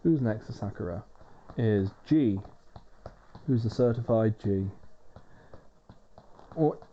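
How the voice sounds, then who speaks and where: A gaming video host with a fairly low voice offers rambling, wry, off-the-cuff commentary on a game while soothing a baby, chatty and swearing now and then. He speaks unhurriedly, and the recording has its highs cut off with a little hiss or hum.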